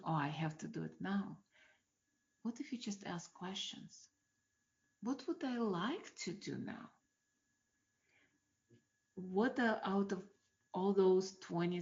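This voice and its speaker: Slow, gravelly-voiced woman host. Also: mid-range voice, muffled recording. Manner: asks many gentle rhetorical questions. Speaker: host of a self-help show. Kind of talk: reflective self-help talk.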